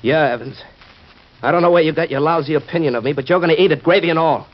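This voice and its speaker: A man's voice: fairly high pitch, quick pace, natural voice. An actor playing a blunt, proud working-class man who talks in slangy, tough street talk, in 1940s radio acting style. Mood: heated. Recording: dull lo-fi old radio recording.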